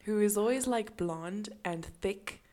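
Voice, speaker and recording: A woman's voice: medium pitch, slow, mellow. Young female podcast co-host, giggly and chatty, casual banter. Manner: giggly, laughs often. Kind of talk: casual chat.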